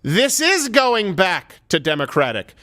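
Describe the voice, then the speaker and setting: Male talk show host, sarcastic and animated, bright voice with a lively pitch. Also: a little slow. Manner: sarcastic, animated, shouting for emphasis. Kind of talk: comedic political talk show banter.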